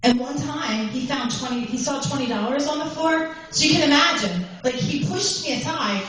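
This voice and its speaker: A woman's voice: high voice, normal speed, a bit bright. A woman doing a stand-up comedy set on a club stage, talking in a rambling way with many ums and likes. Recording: echoey room, far from the mic, faint noise.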